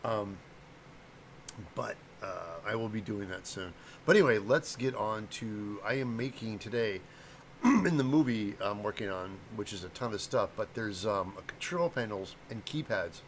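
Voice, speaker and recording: Middle-aged Midwestern-raised man, low gravelly voice, loose rambling host chat with viewers. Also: expressive, measured pace, a little hiss or hum. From American Midwest. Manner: rambling, chatty, greets viewers, stumbles over names. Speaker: livestream host and prop maker. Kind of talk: casual livestream chat.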